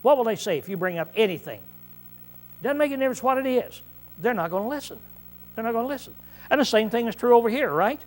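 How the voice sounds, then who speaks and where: A man preaching a conversational Bible-study sermon, often clearing his throat and checking in with "see?" as he repeats and restarts phrases. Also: very high-pitched, animated, fast talker. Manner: repetitive, restarts mid-phrase.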